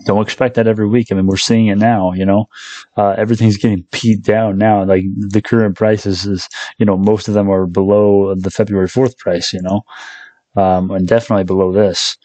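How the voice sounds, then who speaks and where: Male channel host, casual rambling commentary, low dark voice, dry close mic. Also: flat delivery, fairly quick, no room sound. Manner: rambling, self-correcting, addresses viewers as guys. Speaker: stock market channel host. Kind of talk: casual unscripted commentary to viewers.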